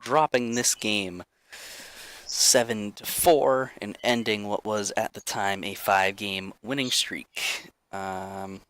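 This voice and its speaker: Young male podcast co-host, low-ish bright voice, dry close sound, sarcastic and chatty. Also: steady tone, slow, clean tone, no room sound. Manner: sarcastic, rambling, swears casually. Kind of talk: casual sports podcast chat.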